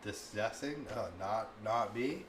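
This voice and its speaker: A lowish, slow voice comes from a cooking streamer, a man in his thirties, who chats casually and shares stories. He rambles with animation, laughs frequently, and uses "like" all the time, while the echoey room carries faint background noise.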